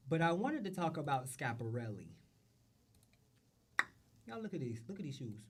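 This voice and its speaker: A man's voice: mid-range voice, animated, normal speed, slight background noise. A man hosting a show, talking casually and profanely about runway looks, repeating phrases and trailing off. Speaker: show host. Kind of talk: casual fashion commentary.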